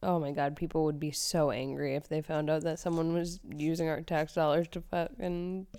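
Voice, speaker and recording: A woman's voice: deep voice, flat delivery, normal speed, warm tone, smooth. A woman co-hosting a podcast, recapping a TV episode in casual chat with lots of "um" and "like". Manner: chatty, frequent "um" and "like". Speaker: podcast co-host.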